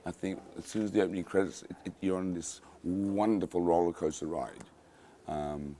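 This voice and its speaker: A man with a deep, low voice talks casually about his film on location in a tropical cave. He stumbles through repeated starts and fillers but stays enthusiastic. A faint hum of ambience sits behind him. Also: fairly even intonation, moderate pace, warm tone. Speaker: film director interviewed on set. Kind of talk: casual on-set interview.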